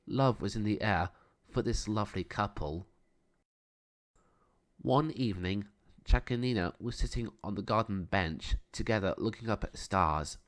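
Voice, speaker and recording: Man reading a calm storybook. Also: on the low side, moderate pace. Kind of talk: storybook narration.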